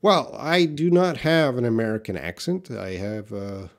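A middle-aged man from Canada with a light Canadian accent, answering viewers' questions in a live English lesson and thinking aloud with many pauses and restarts. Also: mid-range voice. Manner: relaxed, thinking aloud with frequent uhs and restarts. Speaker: English teacher.

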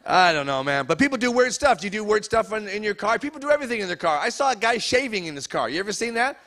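A man doing a stand-up comedy set, loudly cracking jokes and teasing the audience at a live show. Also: high voice, sing-song. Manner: loud, fast-joking, teases the audience.

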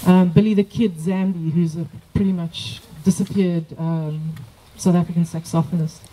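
A woman moderating a poetry workshop, explaining in a hesitant way with many pauses and fillers. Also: on the low side, fairly even intonation, warm tone, slight background noise, poor audio. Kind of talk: academic discussion. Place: workshop room.

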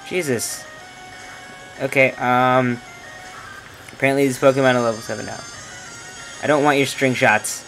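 Playing a video game, a young let's play gamer with a gravelly voice jokes and trash-talks the characters, his pitch swinging lively. He speaks at a moderate pace and pauses often, over soft background music in poor-quality audio.

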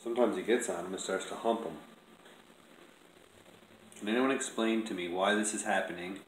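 A man filming his cats at home, calmly explaining, then loudly scolding them with swearing. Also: lowish voice, normal speed. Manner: swings from calm explaining to loud scolding of the cats. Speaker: cat owner filming his pets. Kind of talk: casual home video narration. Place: home room, indoors. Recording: echoey room with faint noise.

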